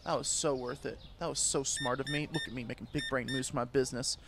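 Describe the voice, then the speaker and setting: Crude, sarcastic young man yelling at a game. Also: mid-range voice, fairly even intonation, fast talker, gravelly, very noisy. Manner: crude, sarcastic, swears a lot, yells at customers; jumps between mutters and loud outbursts. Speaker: gaming video creator. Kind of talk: casual gameplay commentary.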